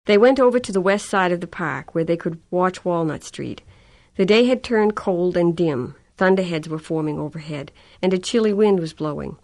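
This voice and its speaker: With a fairly low pitch, she narrates a novel for an audiobook. The delivery is scripted, even, and measured.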